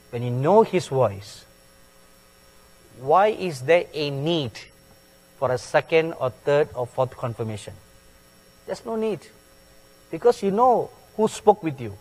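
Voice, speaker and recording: A man preaching a sermon in a slow, deliberate way, stressing words with sudden loud peaks. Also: a little high, big pitch swings. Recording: long hall reverb.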